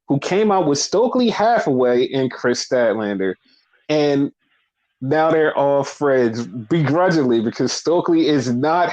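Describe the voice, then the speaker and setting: A man co-hosting a casual wrestling recap podcast, blunt and profane, talking in an animated, opinionated way. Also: medium pitch. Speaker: podcast co-host. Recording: dull lo-fi podcast audio.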